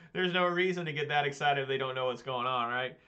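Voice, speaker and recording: A man's voice: medium pitch, fast, pushed and bright. A man streaming a card game, chatting casually in a frank, rambling way with lots of fillers and some grumbling. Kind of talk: casual outro chat while gaming. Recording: slightly dull lo-fi stream audio.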